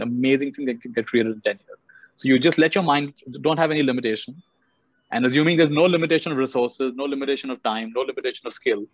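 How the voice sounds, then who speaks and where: Brief: brisk male motivational speaker, dry dull call audio, repeats phrases. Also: mid-range voice, dry recording. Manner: storytelling, repeats key phrases for emphasis. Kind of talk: motivational talk on a video call.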